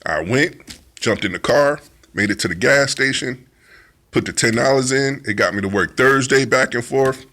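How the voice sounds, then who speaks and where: A man's voice: mid-range voice, normal speed, sharp tone. A man telling a personal testimony in a vivid storytelling way, acting out his own side of an argument in plain informal speech. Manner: informal speech with dialect grammar. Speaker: testimony speaker.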